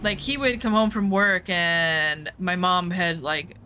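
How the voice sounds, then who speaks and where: A woman's voice: lowish voice, takes it slowly, sharp tone, slight background noise. A woman streamer talking candidly in casual chat while playing a game, rambling with lots of fillers.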